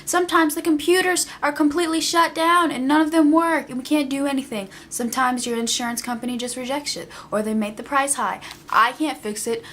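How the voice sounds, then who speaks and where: A woman's voice: sits high, steady tone, brisk, hardly any pauses, fairly bright tone, slight background noise. A young woman vlogger ranting casually, exasperated and emphatic, often repeating herself for effect. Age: young adult.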